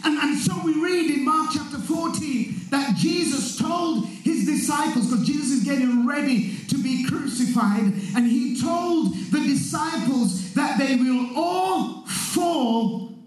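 A man with a very high voice delivers a sermon, speaking slowly and drawing out his words. He turns emphatic and often breaks into shouts. The sound rings through a very echoey hall. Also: faint music behind. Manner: emphatic, rising to shouts, slows down for emphasis, acts out quotes. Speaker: preacher.

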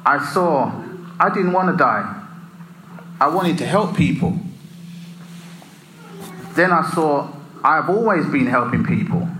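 A man narrating a personal religious testimony in a slow, earnest, deliberate way. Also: a little high, fairly bright tone, slight background noise. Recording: echoey room, faint ambience.

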